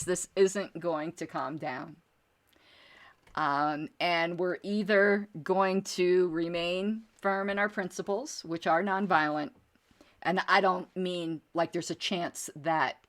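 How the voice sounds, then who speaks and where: A woman's voice: on the low side, a bit bright. Blunt, outspoken woman podcast host. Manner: outspoken, blunt, with mild swearing and frequent restarts. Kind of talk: casual political talk, answering viewer chat.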